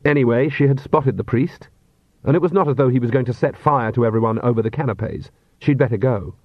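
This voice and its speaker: A man reads a comic fantasy story in a measured, dry manner. His voice is of middling pitch. The recording is dry and somewhat dull. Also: no echo. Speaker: audiobook narrator. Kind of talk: scripted narration.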